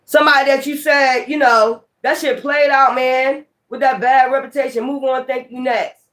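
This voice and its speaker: A woman's voice: high-pitched, steady tone, moderate pace, fairly bright tone. A woman giving a tarot reading in a blunt, profane, emphatic way. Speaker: tarot reader.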